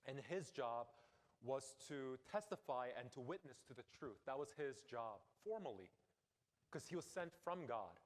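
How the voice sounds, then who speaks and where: A man preaching a sermon as pastor, earnest and emphatic, dropping into quiet low asides. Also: animated, measured pace. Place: church sanctuary. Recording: long hall reverb.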